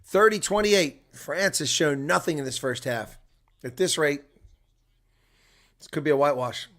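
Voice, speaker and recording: Guy doing live rugby commentary, kinda high bright voice, chatty between plays. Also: moderate pace. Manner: swings from quiet asides to loud excited calls; chuckles and chats with viewers between plays. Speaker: play-by-play commentator.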